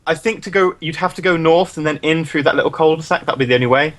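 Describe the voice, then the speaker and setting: A man co-hosting a casual gaming livestream, tossing in jokey, quick asides. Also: on the high side, a bit bright.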